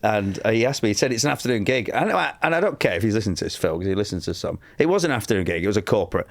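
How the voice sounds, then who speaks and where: A comedian from England telling a long anecdote on a podcast, acting out quotes and laughing a lot. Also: male voice, lowish voice, animated, rapid-fire, gravelly, no echo. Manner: storytelling with acted-out quotes, laughing often. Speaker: comedian guest.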